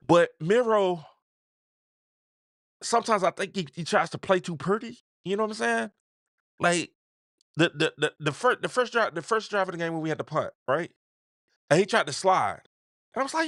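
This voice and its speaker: A man hosts a call-in sports talk show, sounding animated and exasperated and repeating himself often. His voice sits high, and the recording is dry with clean studio sound.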